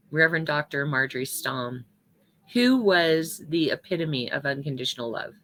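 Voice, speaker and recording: A woman speaks in a bright, forceful voice that sits a little low. She gives a spiritual talk in a loose, conversational way, telling a personal story.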